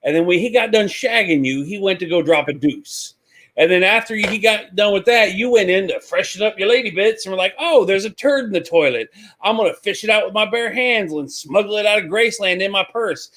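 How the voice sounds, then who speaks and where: Animated storytelling man. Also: sits high, a little fast. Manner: animated, acts out voices in anecdotes. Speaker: guest, reseller. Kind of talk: casual storytelling.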